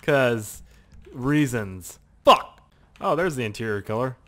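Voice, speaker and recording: A young man from Canada giving rambling, profane gameplay commentary with sudden excited yelps. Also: mid-range voice, slow. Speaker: gaming channel host.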